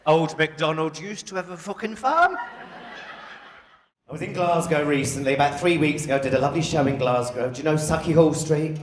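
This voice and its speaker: A man's voice: on the high side, slight background noise. A man doing bawdy stand-up as a drag comedian in a live club, crude and brash with the crowd. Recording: live club recording with loud crowd and echo.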